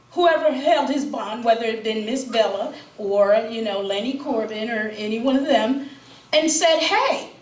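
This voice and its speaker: A woman's voice: a little high, far from the mic. A middle-aged woman, a grieving mother, giving impassioned public testimony at a town hall, emphatic and full of rhetorical questions. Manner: emphatic, rhetorical questions, quotes opponents mockingly. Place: town hall meeting room. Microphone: distant room mic. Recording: echoey hall, speaker heard from afar. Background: faint crowd murmur.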